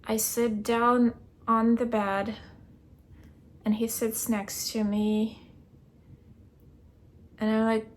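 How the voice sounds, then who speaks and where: A young woman keeping a video diary, recounting a dream in a hesitant way, searching for words and filling pauses with "like". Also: a little high, flat delivery, a little mellow. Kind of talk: casual personal storytelling.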